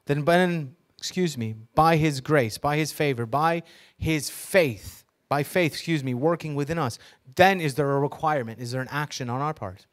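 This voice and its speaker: A pastor with a somewhat high voice preaches to a congregation at a moderate pace. He reads scripture with emphasis, teaches by asking the audience questions, and slips in joking asides.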